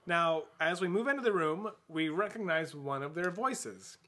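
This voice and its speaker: A man's voice: on the high side, expressive, normal speed, pushed and bright. A man co-hosting a podcast, animatedly retelling an adventure book in casual chat, laughing often. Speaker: podcast host.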